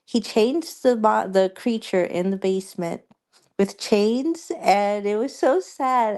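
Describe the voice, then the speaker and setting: A young woman streamer chatting casually with her viewers, rambling and halting with many fillers and restarts. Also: mid-range voice, darkish tone.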